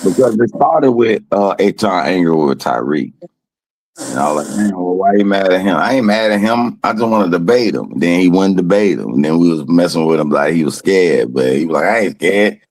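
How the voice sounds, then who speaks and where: A very deep, gravelly male voice, drawing out his words in a heated casual panel debate. The sound is dry and close. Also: animated, darkish tone, dry recording. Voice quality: gravelly, low and drawn-out. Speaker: panel participant.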